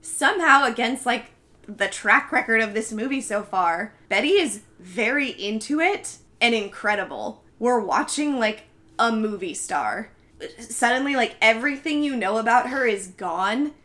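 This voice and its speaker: Woman, casual storyteller, bright tone, chatty and animated, acts out quotes. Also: on the high side, a little slow. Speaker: podcast co-host recapping a film. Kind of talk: casual chat.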